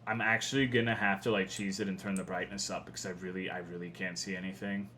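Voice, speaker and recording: Talking quickly with little pitch movement, this young streamer from Texas has a lowish voice with a sharp tone. He curses freely in frustration while casually rambling through a video game on a livestream. Faint keyboard clicks from his home setup and a little hiss or hum run underneath.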